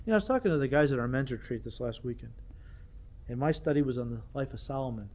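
An older man preaching a sermon, animated and self-deprecating, often repeating himself as he talks. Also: mid-range voice, fast talker. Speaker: pastor.

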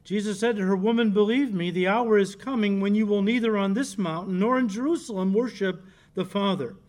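A man's voice: sits high, fairly quick, a little mellow. A male pastor preaching a sermon, emphatic and direct with the congregation, repeating key words for stress.

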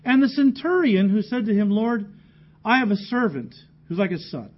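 A man's voice: sits high, lively intonation, normal speed, muffled recording. A man preaching a sermon in a casual, conversational way, teaching through a Bible passage verse by verse and acting out the voices of the people in it. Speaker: pastor.

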